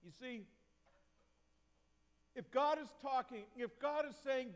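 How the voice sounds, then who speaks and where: Brief: male pastor, high voice, slow and questioning sermon delivery, long church reverb. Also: expressive. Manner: reflective, asks the congregation questions. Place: church sanctuary.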